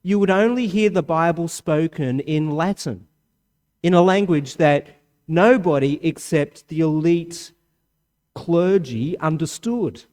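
A man, a parent of a young child, preaching a sermon with strong swings of pitch and volume for emphasis. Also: takes it slowly, a little mellow.

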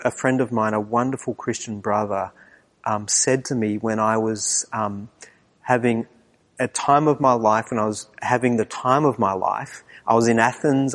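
A man preaching a sermon with earnest emphasis. He asks his listeners pointed questions and often drops to a hushed tone. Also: mid-range voice, long reverb tail.

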